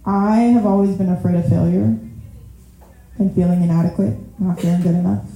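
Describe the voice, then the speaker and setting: Speaking briskly with a low-leaning, warm voice and fairly even intonation, a woman preacher gives a casual, talkative sermon. She calls everyone y'all, often laughs at her own expense, and is recorded in a very echoey room.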